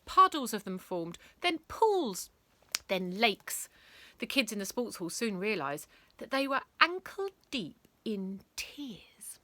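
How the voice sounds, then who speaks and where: Playful expressive woman reading a bedtime story. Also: mid-range voice, takes it slowly, no room sound. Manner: expressive, playful, with character voices.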